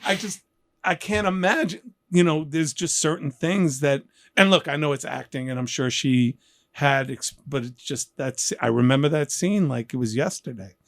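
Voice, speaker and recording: A man in his fifties from New York, hosting a casual interview and telling animated, joking stories. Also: on the high side, normal speed, no room sound. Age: 50s. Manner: animated, joking storyteller who acts out quotes. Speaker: podcast host.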